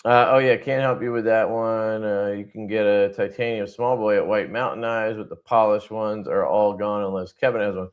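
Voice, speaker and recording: A man's voice: on the low side, fairly even intonation, normal speed, hardly any pauses, lo-fi sound. A man hosting a casual livestream who rambles loosely, swears freely and laughs often. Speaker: livestream host.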